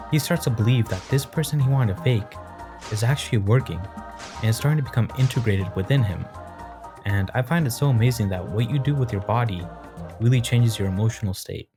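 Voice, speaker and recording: A man calmly explaining his points in an analytical video essay. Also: on the low side.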